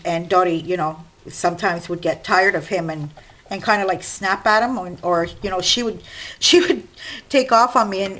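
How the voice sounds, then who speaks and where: A woman's voice: medium pitch, fairly bright tone, poor audio. A middle-aged woman vlogging casually while working at her craft desk at home, rambling and speaking straight to her viewers. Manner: chatty, rambling, addresses viewers directly.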